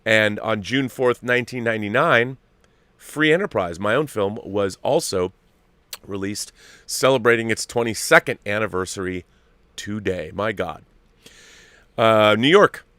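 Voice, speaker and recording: Chatty middle-aged man, smooth low voice. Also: unhurried, a bit bright, no room sound. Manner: chatty, rambling, self-interrupting. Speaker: host. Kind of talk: casual live show chat.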